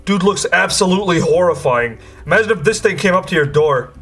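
A young man hosting gameplay commentary with excitable, crude, jokey banter. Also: high voice, fairly quick, breathy edge, faint music behind. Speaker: gaming video host.

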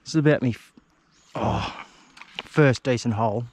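An Australian man hosting a fishing channel, chatting excitedly to the viewers and the fish from outdoors by a river. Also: medium pitch, moderate pace, slight background noise. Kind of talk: casual fishing vlog commentary.

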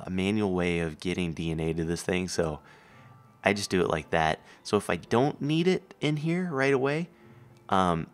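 Male gaming host, low voice, lively, rambling explainer. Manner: chatty, explaining, joking with a co-player. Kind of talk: casual gameplay commentary.

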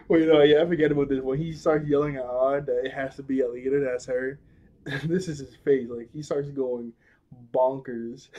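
A man's voice: medium pitch, muffled recording. Laughing young man recapping a cartoon. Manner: animated, slangy, laughs often while retelling scenes. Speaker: cartoon episode reviewer. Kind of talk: casual recap and commentary.

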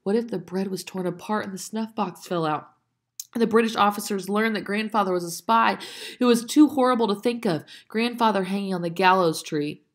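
A woman's voice: mid-range voice, fairly quick. A woman reading a children's chapter book aloud expressively, with slips and self-corrections and brief asides to listeners. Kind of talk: read-aloud narration with asides.

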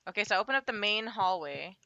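A woman's voice: mid-range voice, animated, fast, gravelly, bright, forceful tone, highs cut off, a little hiss or hum. A young woman playing a horror game with a friend, jumpy and swearing as she gets startled. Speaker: gamer streaming a co-op horror game. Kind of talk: casual gameplay chat.

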